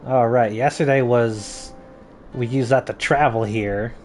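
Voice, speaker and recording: A man's voice: mid-range voice, steady tone, measured pace, soft background music. A young man casually commenting on a game he plays, chatty and joking, reading text aloud. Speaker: streamer. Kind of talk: casual let's-play commentary.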